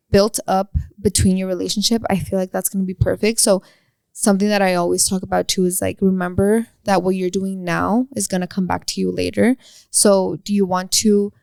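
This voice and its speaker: A woman's voice: mid-range voice, vocal fry, a little mellow, smooth, no echo. A young woman co-hosting a podcast, chatting casually and slipping into Spanish phrases now and then. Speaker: podcast co-host. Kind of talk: casual chat.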